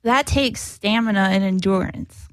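A woman's voice: mid-range voice, unhurried, dry recording, rough recording. A woman co-hosting a casual studio chat show, with a childlike voice. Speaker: podcast co-host.

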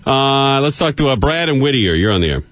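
A man hosting a call-in radio talk show, taking callers briskly and trading dry wisecracks. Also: mid-range voice, sing-song, a bit bright, no echo. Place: radio studio. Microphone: studio microphone.

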